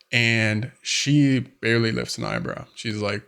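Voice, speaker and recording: A man's voice: mid-range voice, fairly even intonation, unhurried, few pauses, fairly bright tone, clean tone. A man who coaches on relationships, talking casually to camera and acting out everyday scenes. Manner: conversational, acts out scenarios with quoted voices. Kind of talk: direct-to-camera advice vlog.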